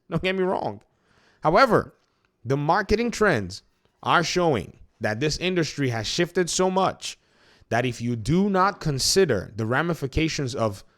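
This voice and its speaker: A man hosting a solo gaming commentary, arguing his points emphatically and often restarting his sentences mid-thought. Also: mid-range voice. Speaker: gaming commentary channel host.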